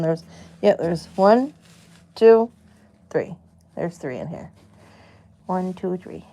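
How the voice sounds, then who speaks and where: A young woman in a farm pen, cooing at baby animals and teasing them in warm baby talk. Her pitch swings up and down a lot, with gravelly fry at the ends of her phrases, and she sounds close to a handheld phone. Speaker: farm vlogger. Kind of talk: casual chat to animals.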